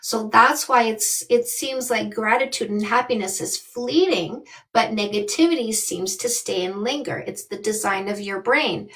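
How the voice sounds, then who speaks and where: A woman's voice: on the high side, normal speed, hardly any pauses, a bit bright, low-quality recording. A woman in her fifties from Canada, a dating coach giving blunt, emphatic advice on a live call. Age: 50s.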